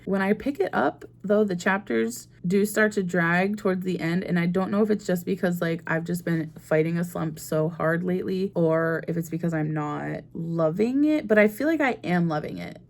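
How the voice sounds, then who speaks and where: A young American woman chatting casually on her book vlog, rambling and often laughing at herself. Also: lowish voice. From United States. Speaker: book vlogger. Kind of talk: casual chat.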